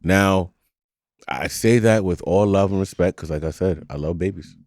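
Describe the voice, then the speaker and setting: A man co-hosting a podcast, chatting casually in an animated, profane rant with frequent laughter. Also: deep voice, moderate pace, no echo, studio quality. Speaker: podcast co-host. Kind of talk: casual chat.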